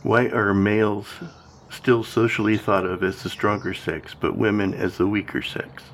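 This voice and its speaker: A man's voice: fairly low pitch, fairly even intonation, normal speed, a little hiss or hum. A man co-hosting a podcast in casual conversation, with dry, wry remarks. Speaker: podcast co-host.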